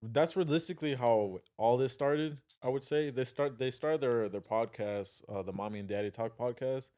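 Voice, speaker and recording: A man's voice: mid-range voice, normal speed, mellow. A man from Chicago, a guest on a podcast, talking in a laid-back, rambling way. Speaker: podcast guest, video editor. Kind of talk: casual podcast chat.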